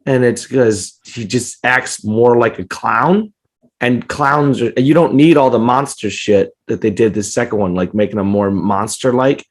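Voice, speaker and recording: A man co-hosting a comedy podcast, ranting casually with lots of swearing and mocking put-on voices. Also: unhurried. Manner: profane, ranting, jumps into high mocking voices. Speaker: podcast co-host.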